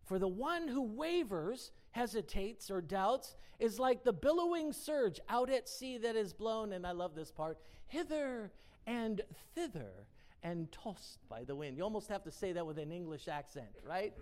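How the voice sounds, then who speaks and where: In a medium-pitched, slightly mellow voice with lively intonation, she speaks unhurriedly. Teaching the Bible in a casual devotional style, she reads word definitions, dwells emphatically on particular words and asks listeners rhetorical questions.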